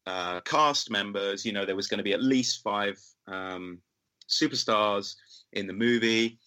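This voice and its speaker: A man's voice: lowish voice, unhurried, sharp tone, rough recording. A man in his thirties with a London accent, a film director telling a long story in a casual, rambling interview. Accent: London English. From England. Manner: chatty, rambling, full of fillers and acted-out quotes.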